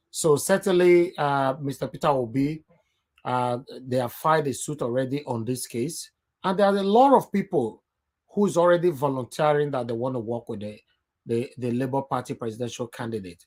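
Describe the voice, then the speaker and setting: Male presenter, middle pitch, halting news commentary. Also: darkish tone. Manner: hesitant, with filler uhs.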